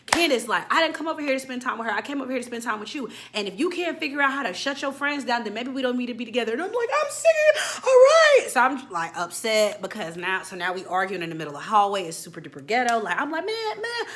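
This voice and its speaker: A young woman in her twenties telling a casual, animated storytime, acting out quotes with slang. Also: on the high side, rapid-fire, hardly any pauses, a little hiss or hum. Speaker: storytime vlogger.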